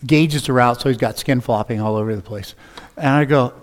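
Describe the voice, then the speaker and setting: A man preaching a sermon as a pastor, telling stories with lively acted-out dialogue. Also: mid-range voice, brisk. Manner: animated, acts out dialogue in his stories. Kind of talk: storytelling sermon. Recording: long reverb of a large hall.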